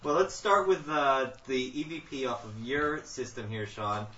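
A man's voice: mid-range voice, lively intonation, moderate pace, bright, forceful tone. A man hosting a paranormal radio show, rambling with many fillers as he introduces recordings. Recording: roomy, distant lo-fi recording with faint background noise.

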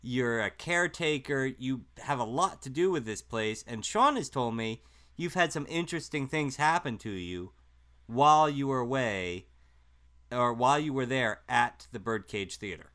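A man co-hosting a late-night ghost radio show in a mid-range voice with a bright, forward tone. He talks in a wry, halting way, stopping and restarting as he jokes. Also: medium pitch, animated. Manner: wry, hesitant, lots of uh and restarts. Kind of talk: paranormal radio show banter.

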